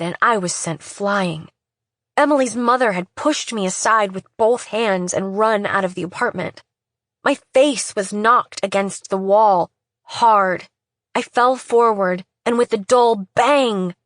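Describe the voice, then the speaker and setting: A woman's voice: medium pitch, no echo, clean studio sound. A woman reading a first-person audiobook in a reflective, wry storytelling manner. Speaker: audiobook narrator.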